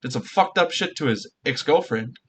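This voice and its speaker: A man's voice: mid-range voice, lively intonation, normal speed, a bit bright, slight background noise. Heated, swearing male streamer. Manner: heated, profane, fires rhetorical questions. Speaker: streamer reacting to a clip. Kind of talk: casual reaction rant.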